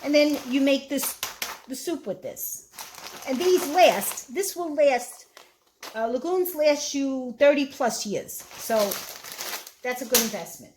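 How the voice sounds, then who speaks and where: A woman's voice: high voice, lively intonation, takes it slowly, darkish tone, slight background noise, low-quality recording. A woman with a Brooklyn accent giving a casual, chatty cooking how-to, rambling a little and repeating herself with fillers. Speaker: cooking vlogger.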